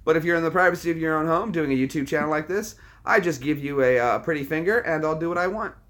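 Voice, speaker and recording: A man hosting a casual live stream, calmly lecturing and brushing off trolls. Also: fairly high pitch, fast. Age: adult, military background. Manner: calm, lecturing, dismissive of trolls. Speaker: livestream host.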